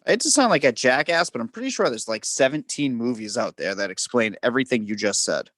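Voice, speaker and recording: Sarcastic podcast guy ribbing his buddy, mid pitch, dry mic. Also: animated, fast talker, fairly bright tone, no echo. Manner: sarcastic, teasing, profane. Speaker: podcast co-host. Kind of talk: casual podcast chat.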